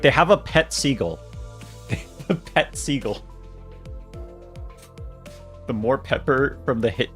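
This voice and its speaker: Joking young man reading game lines aloud. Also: fairly low pitch. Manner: reads game lines in playful voices, laughing and joking with chat. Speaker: streamer. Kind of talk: live game playthrough, reading dialogue aloud.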